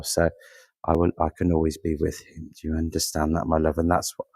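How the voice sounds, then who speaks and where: A man's voice: extremely low pitch, monotone, a little fast, gravelly, darkish tone, no room sound. A man giving a mediumship reading at a service, chatty and laughing easily as he keeps checking he is understood.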